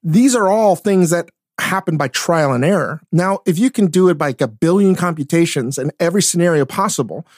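A man co-hosting a casual podcast, talking in an animated way, swearing often and restarting his sentences. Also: a little high, fairly quick, hardly any pauses, no echo, clean studio sound. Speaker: podcast co-host, chef. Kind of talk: casual chat. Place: studio.

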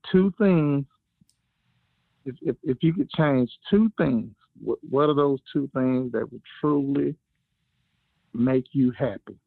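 A man with a Southern US accent calls in, speaking slowly and politely and hesitating now and then. His voice has a gravelly edge. He comes through a thin, tinny phone line. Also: mid-range voice, dry recording. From Atlanta, Georgia. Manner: slow, polite, hesitant with fillers. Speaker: caller.

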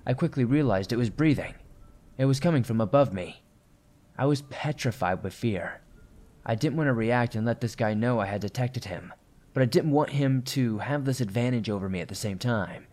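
A man narrating a first-person horror story in a steady, tense storytelling manner. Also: medium pitch.

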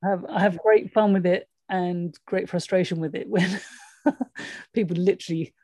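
Woman host, mellow tone, dry close sound, friendly and encouraging. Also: lowish voice, fairly even intonation, normal speed, no echo. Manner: encouraging, laughs easily. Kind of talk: casual interview.

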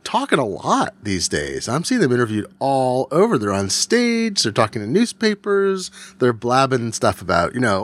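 A man in casual podcast chat about gadgets, his mid-pitched voice rising and falling in a lively way. He rambles and tosses in jokey asides. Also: normal speed, few pauses, dry recording. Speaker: tech podcast co-host.

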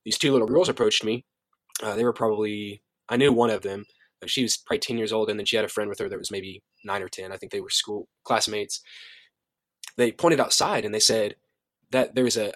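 A man tells a story in an interview at a brisk, rapid clip, his voice close and dry with no room around it. He is a youth director at a ministry and an animated storyteller who acts out the voices of the people he quotes. He often breaks off and restarts his sentences. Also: on the low side, no room sound.

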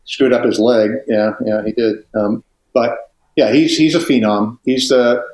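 A man's voice: medium pitch, a little slow, a little mellow. Older man rambling candidly in a roomy space. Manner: candid, rambling, swears casually. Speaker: guest, music retail executive. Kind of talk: casual podcast conversation. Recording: roomy echo.

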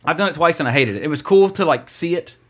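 A man's voice: fairly high pitch, lively intonation, fast, a bit bright, husky. A man hosting a podcast, chatting casually in a rambling, jokey way. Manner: rambling, jokey, lots of "like" and restarts. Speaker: podcast host.

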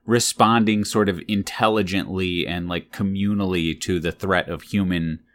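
Very low-pitched woman, curious interviewer asking questions in casual chat. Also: steady tone, normal speed. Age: adult. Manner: curious, probing follow-up questions. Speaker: parent interviewing a child.

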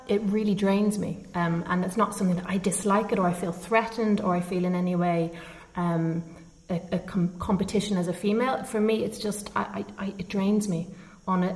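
A middle-aged woman chatting casually with friends. She talks in an open, reflective way about how she feels, and laughter comes easily. Her voice sits at an ordinary middle pitch. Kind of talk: casual chat.

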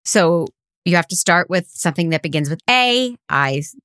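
A woman's voice: fairly low pitch, expressive, normal speed, fairly bright tone, clear, resonant tone, no room sound, studio quality. A woman co-hosting a comedy podcast over a video call, explaining improv games in a wry, playful way. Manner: wry, game-leading, playful. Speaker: podcast co-host. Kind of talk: casual comedic chat.

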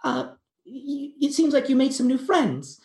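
Here is a squeaky-voiced, kindly female bush baby spirit from a tabletop game, put on by a man in falsetto. She sounds sweet and welcoming. The room gives the voice an echo. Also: very animated, a little slow, a little mellow, full character voice. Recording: roomy echo.

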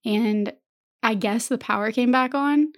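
A woman's voice: a little high, unhurried. Chatty young woman podcast co-host. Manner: chatty storytelling, laughs often. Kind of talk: casual chat.

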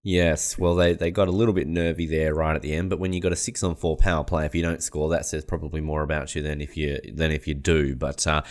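A man's voice: very deep voice, flat delivery, fast talker, few pauses. A man hosting a sports podcast, chatty and joking in casual talk. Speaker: podcast host.

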